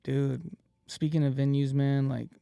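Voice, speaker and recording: A man's voice: medium pitch, little pitch movement, a little slow, gravelly, mellow, clean tone, no echo. A man talking in a casual podcast chat as the guest comedian, earnest and rambling, calling people "bro" and "man".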